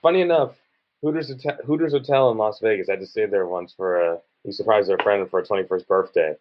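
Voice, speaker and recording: A low male voice rambling through a casual chat, leaning on "like" and quick asides. He is a playwright and producer, and the recording has a dull, lo-fi sound. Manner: rambling, lots of "like".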